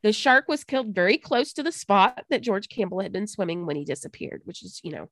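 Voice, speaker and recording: A woman's voice: medium pitch, fairly quick, no room sound. Dry-voiced woman telling a story. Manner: animated storytelling, laughs and stumbles over names. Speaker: podcast co-host. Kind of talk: casual history storytelling chat.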